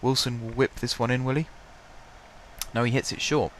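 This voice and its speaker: A man casually commentating his own football management game, his voice stuffy and blocked up, chatty and self-mocking, clearing his throat now and then. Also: mid-range voice, fairly even intonation, moderate pace, a bit bright, slight background noise. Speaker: gaming commentator. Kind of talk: casual let's-play commentary.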